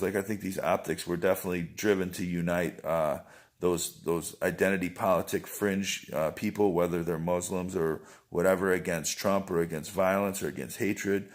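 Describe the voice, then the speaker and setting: Low-voiced man rambling on casually. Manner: rambling, meandering, swears freely. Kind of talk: casual spoken monologue.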